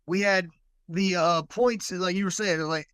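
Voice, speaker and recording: High-voiced man, rambling and hesitant. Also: fairly even intonation, unhurried, fairly bright tone, clean tone, dry recording. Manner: rambling, hesitant, restarts often. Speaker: podcast co-host. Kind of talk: casual discussion.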